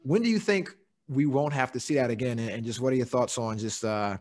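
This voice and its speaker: A young man hosting a casual podcast chat, swearing freely and laughing through animated stories. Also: mid-range voice, fairly quick. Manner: profane, laughing, animated storyteller. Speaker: podcast host.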